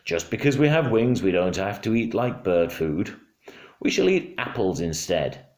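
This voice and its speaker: A man voicing a blustering father in a low, muttered storybook voice. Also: big pitch swings, moderate pace, darkish tone. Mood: firm. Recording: roomy home room.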